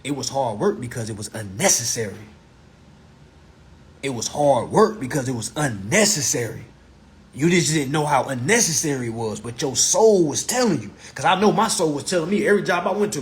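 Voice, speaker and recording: A man's voice: mid-range voice, expressive, a little fast. A man giving a casual live-streamed teaching, emphatic and repetitive, with rhetorical questions and blunt profanity.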